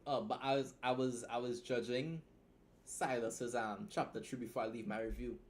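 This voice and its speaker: This young Trinidadian host and writer talks at a medium pitch with fairly even intonation on his casual livestream. Reacting to a story, he stays blunt and jokey, swearing freely and slipping in fast asides.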